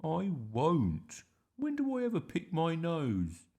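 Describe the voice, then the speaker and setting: A man's voice: on the high side, huge pitch swings, takes it slowly, darkish tone, voice pushed up, exaggerated voice. A man voicing a mischievous, stubborn six-year-old boy in a read-aloud storybook, indignant and protesting.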